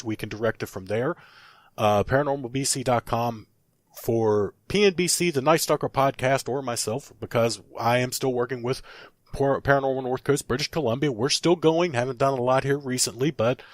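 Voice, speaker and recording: A man's voice: medium pitch, dry recording. A man hosting a paranormal podcast, rattling off plugs in a rambling, self-correcting way until he runs out of breath. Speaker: podcast host.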